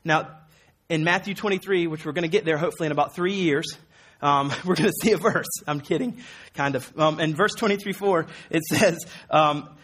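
A man with a somewhat high, slightly bright voice preaches a sermon as a pastor, speaking fairly quickly. He is earnest and emphatic, conversational, with repeated words and fillers, and his force rises as he quotes Jesus.

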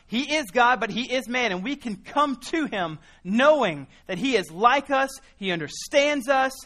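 A man delivers a sermon in a high, bright voice. He works through scripture earnestly, leaning on repeated words to build emphasis. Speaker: preacher.

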